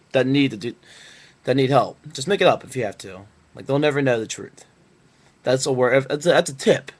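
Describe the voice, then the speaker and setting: Young guy from Northern Kentucky, casual webcam storyteller, loose and rambling. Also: mid-range voice. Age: young adult. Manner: rambling, filler-heavy, laid-back. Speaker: vlogger.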